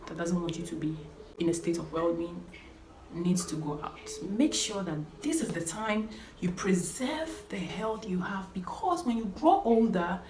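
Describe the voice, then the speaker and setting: A woman's voice: on the low side, expressive, measured pace, a little mellow. A young woman talking to camera as a vlogger, giving earnest, emphatic life advice and repeating her key points. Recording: roomy echo, faint background noise.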